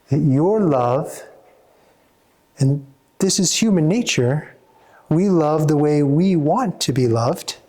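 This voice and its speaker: Therapist-coach type man, earnest, stop-start delivery, voice a touch high. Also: dark tone. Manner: earnest, halting, many restarts. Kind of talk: talk to a small audience.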